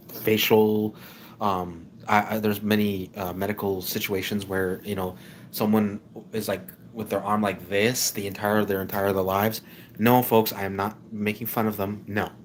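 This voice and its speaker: A man hosting a live stream, talking off the cuff in a rambling way, with frequent restarts, and repeatedly calling out to his viewers as ladies and gentlemen. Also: lowish voice, a little hiss or hum. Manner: rambling, with many restarts and stumbles; keeps addressing the audience as "ladies and gentlemen". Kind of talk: casual opinion monologue.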